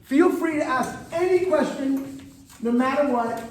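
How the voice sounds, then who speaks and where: A man's voice: extremely high pitch, unhurried, a little hiss or hum. A man, a rabbi, teaching an informal Hebrew lesson with joking side notes and call-and-response vowel drills. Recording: echoey room.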